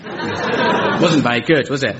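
On a very noisy, dull lo-fi broadcast recording, a comedy show host with a mid-range voice speaks slowly. His scripted stand-up takes the form of a dry, mock-formal satirical lecture punctuated by sarcastic punchlines.

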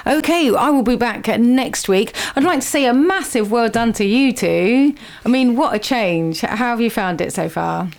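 A woman's voice: on the high side, animated, normal speed, few pauses. A woman hosting a community radio chat show, chatty and upbeat, laughing easily with her guests.

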